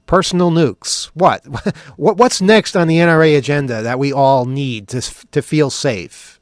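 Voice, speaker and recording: A sarcastic male talk-show host with a fairly high voice and a dry, close recording. He fires off mock questions in a biting riff, then shifts to earnest commentary. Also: a little slow, no room sound. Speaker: podcast host. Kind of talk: opinionated talk show monologue.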